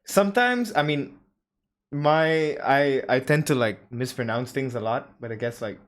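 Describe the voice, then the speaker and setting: A man who speaks English as a second language, hosting a relaxed, slangy chat. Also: mid-range voice, a little slow. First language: not English. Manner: laid-back, slangy, says yo and damn. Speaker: host. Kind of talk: casual chat.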